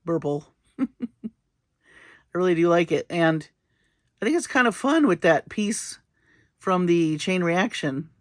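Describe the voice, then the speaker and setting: A woman's voice: lowish voice, lively intonation, slow, long pauses, no room sound, clean studio sound. A woman hosting a casual jewelry-making tutorial, chatty and playful as she works through each step. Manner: chatty and playful, with small laughs. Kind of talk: casual craft demonstration.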